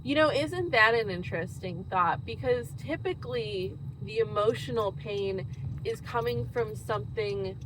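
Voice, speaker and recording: A woman speaking in an earnest, thoughtful way, reflecting slowly and pausing often in a personal monologue. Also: a little high, background noise. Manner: slow, earnest, thoughtful, with frequent pauses. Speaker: host.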